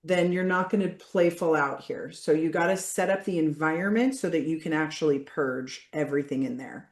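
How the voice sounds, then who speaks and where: A woman coach leading a group session over a video call, blunt and energetic, swearing casually. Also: low-pitched, moderate pace, echoey room.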